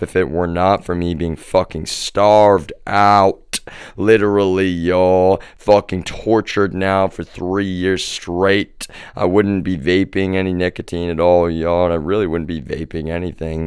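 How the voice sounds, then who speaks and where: Livestreaming from home, a man with a low, smooth voice speaks unhurriedly in a level tone, in a dry, studio-quality recording. His monologue to viewers is profane and agitated, and he keeps calling them "y'all".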